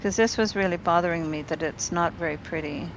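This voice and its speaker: A woman with a lowish voice talks briskly while streaming a game at home in her apartment, chatting casually with viewers and thinking aloud about what she builds. The audio is dull, with slight background noise.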